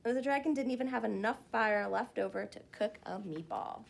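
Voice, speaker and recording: A woman hosting a children's story time, reading a picture book aloud and leading kids through yoga poses with expressive storytelling. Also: fairly high pitch, normal speed, creaky, far from the mic.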